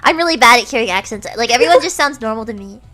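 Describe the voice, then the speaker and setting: A woman streamer chatting casually while she plays, excitable and quick to laugh. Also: a little high. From United States. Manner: giggly, excitable, laughs often. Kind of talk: casual chat while gaming.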